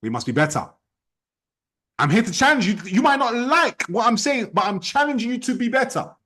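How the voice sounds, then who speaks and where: A man leading an online sales team training, talking in a forceful, repetitive, challenging way. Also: very high-pitched, sing-song, brisk. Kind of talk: motivational training talk.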